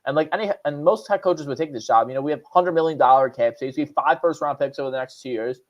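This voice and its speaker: A man hosting a casual livestream, rambling quickly through his points with stumbling restarts. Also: a little high. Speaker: host. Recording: slightly dull lo-fi audio.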